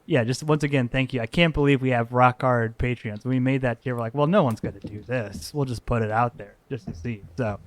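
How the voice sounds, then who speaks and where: A man's voice: medium pitch, a little fast, hardly any pauses. A man co-hosting a movie podcast in casual chat, loose and swearing, laughing between remarks. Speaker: podcast co-host.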